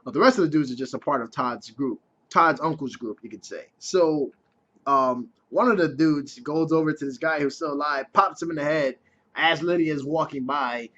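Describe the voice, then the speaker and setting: A man's voice: fairly high pitch, moderate pace, fairly bright tone. Chatty swearing male episode reviewer. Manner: casual, chatty, swears freely. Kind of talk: casual video review. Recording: dull lo-fi recording.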